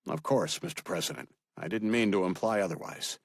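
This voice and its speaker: A man's voice: fairly low pitch, animated, brisk, vocal fry, no room sound, voice pushed up. Man playing a careful formal agency chief, storybook, dry sound. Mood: deferential. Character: adult male FBI director, deferential, briefing.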